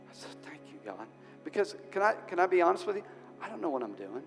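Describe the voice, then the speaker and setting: Earnest preaching pastor in a reverberant hall. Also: male voice, high-pitched, sing-song, fast talker. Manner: earnest, emotional, restarts often, swings loud and soft. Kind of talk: sermon. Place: church hall. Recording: church hall with long reverb and music.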